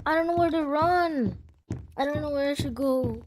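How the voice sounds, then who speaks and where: A woman hosting a gaming video, giving excitable, panicky commentary that keeps repeating itself and breaking into yelps. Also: sits high, normal speed, noisy background.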